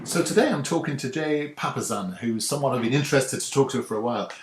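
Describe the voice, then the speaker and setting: A man hosting a podcast in a casual, talkative way, often restarting mid-sentence. His voice sits at an ordinary pitch. The room around him gives a noticeable echo. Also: lively intonation, quick pace. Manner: chatty, friendly, restarts sentences. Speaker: podcast host. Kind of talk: casual interview chat. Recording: roomy echo.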